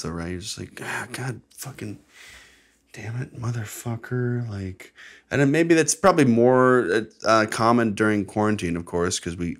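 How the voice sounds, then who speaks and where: Young American male podcast host, low-pitched, loose and sarcastic, cursing freely. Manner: profane, rambling, sarcastic. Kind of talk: casual solo podcast monologue.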